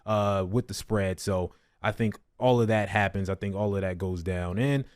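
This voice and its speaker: Male betting-show host, mid-pitch, dry close sound, easygoing and quick to laugh. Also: smooth, no echo. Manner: laughs often, moves the show along. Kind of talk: casual sports betting chat.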